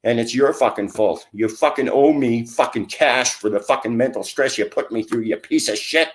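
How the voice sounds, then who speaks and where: Ranting into the camera, a middle-aged man delivers a meandering, insult-laden vlog thick with swearing. He speaks at medium pitch and normal speed, with a bit of hiss or hum in the background.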